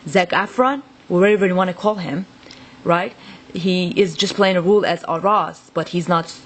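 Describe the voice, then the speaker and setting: Speaking straight to camera, a vlogger with a lowish voice at normal speed delivers a rambling, agitated monologue. She swears throughout.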